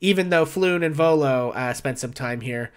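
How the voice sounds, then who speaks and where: A man's voice: a little high, moderate pace, clean tone. Laid-back young man running a tabletop game. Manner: easygoing, hesitant, many fillers. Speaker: game master.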